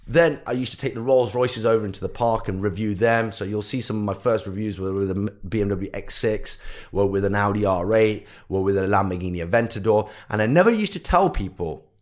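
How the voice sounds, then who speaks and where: A young man with a low voice tells his story as a podcast guest, bringing his parents and teachers to life as he quotes them. He speaks casually and with energy, and his voice swings up when the story gets lively. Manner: animated storyteller who acts out quotes of family. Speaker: guest entrepreneur.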